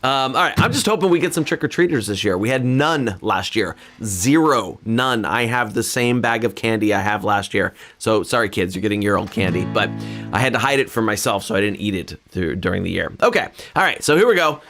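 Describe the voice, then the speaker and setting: This Californian host speaks expressively and fairly quickly in a fairly low, a bit bright voice. Livestreaming casually from home while playing faint guitar, he rambles earnestly, puts himself down, and restarts often.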